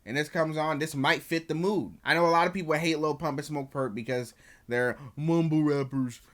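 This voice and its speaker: A man's voice: fairly high pitch, steady tone, normal speed, a bit bright. A young man casually reviewing an album as he reacts to it, slangy and profane, with chatty asides to his viewers.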